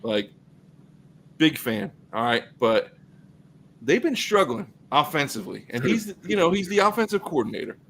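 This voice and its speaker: A man's voice: on the high side, normal speed, a little hiss or hum, rough recording. A man co-hosting a football podcast, talking loosely in casual sports chat with plenty of fillers. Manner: animated, loose, lots of fillers. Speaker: podcast co-host.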